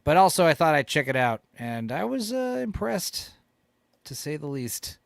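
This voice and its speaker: A man's voice: on the high side, sing-song, moderate pace, gravelly, no room sound, clean studio sound. A man, the regular co-host of a livestream, talking in a laid-back, playful way. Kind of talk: casual livestream chat.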